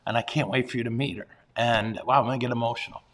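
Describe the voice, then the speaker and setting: A man who is a priest, talking casually and playfully on a livestream. His voice sits at a middle pitch. He pokes fun at himself and laughs easily. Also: fairly even intonation, fast, fairly bright tone. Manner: playful, self-deprecating, chuckles often.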